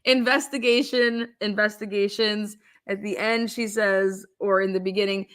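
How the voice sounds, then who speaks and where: A woman hosting a live-stream chat, excitable and giggly, swearing casually. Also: medium pitch, a little slow. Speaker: livestream host.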